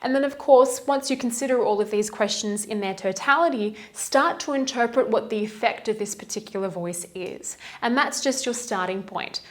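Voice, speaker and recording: A woman with a slightly high voice gives a methodical lesson on reading poetry. She walks through each point in order and keeps asking questions to guide the students. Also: moderate pace, hardly any pauses. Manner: clear, methodical, explanatory, posing questions. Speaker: English tutor. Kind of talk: scripted lesson over slides.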